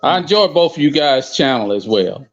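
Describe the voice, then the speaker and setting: Male caller, friendly and easygoing, slightly high, dull lo-fi line. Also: animated, moderate pace. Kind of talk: casual chat on a call.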